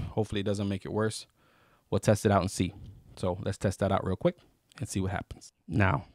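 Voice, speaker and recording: A man's voice: fairly low pitch, no room sound, studio quality. A man casually reviewing microphones on camera, rambling with fillers and restarts. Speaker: YouTube gear reviewer. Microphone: close studio microphone.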